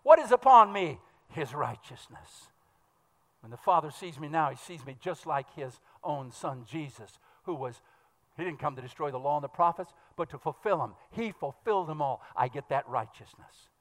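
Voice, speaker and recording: A man preaching a sermon in a fast, fervent style, pressing his points with bursts of emphasis. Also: a little high, animated. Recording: long hall reverb.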